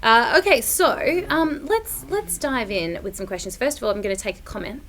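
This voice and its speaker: A woman's voice: fairly high pitch, animated, normal speed, a bit bright, slight background noise. A woman co-hosting a casual kids' chat, upbeat and agreeable, reading out viewer questions. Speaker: co-host. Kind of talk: casual live-stream chat for kids.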